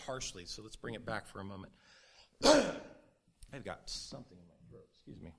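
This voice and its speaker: A man's voice: lowish voice, huge pitch swings, measured pace, gravelly, fairly bright tone, slightly rough. A man preaching a sermon in an earnest, conversational way, with sudden rises for emphasis. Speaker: pastor.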